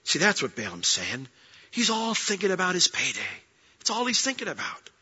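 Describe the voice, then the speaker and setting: A man's voice: high voice, huge pitch swings, normal speed, bright, forceful tone, slightly rough. A male pastor preaching a sermon in a conversational, joking way, acting out quotes from the story. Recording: dull sound with long hall reverb.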